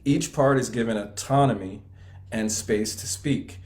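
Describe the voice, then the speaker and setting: A man reads book passages aloud during a live class. His voice sits in an ordinary mid range, and his delivery is measured and careful. He keeps an even reading pace. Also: mid-range voice. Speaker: class co-host.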